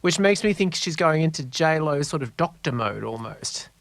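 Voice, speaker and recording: A man's voice: on the high side, animated, normal speed, creaky, a bit bright, no echo. A man, co-hosting a comedy podcast with wry, teasing remarks. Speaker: podcast co-host. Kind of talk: casual comedic chat.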